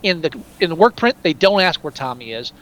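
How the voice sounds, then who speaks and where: A man with a notably high voice chats about a movie in loose, casual talk. His pitch leaps all over, and he swears freely and keeps cutting himself off. Now and then he breaks into a laugh. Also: fairly quick. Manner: animated, profane, trails off and restarts, laughs often. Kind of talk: casual film discussion.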